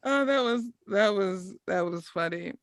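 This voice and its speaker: Lively, giggly woman chatting about a movie. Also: mid-range voice, unhurried, no room sound, clean studio sound. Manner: chatty, laughs often. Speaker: podcast co-host. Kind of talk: casual movie recap chat.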